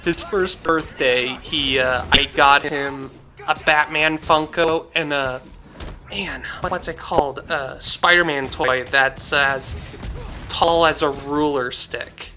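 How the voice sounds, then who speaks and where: A man's voice: on the high side, steady tone, slow pace, pushed and bright. A young man hosting a gaming channel, chatting casually and heartfelt over gameplay, rambling with many fillers.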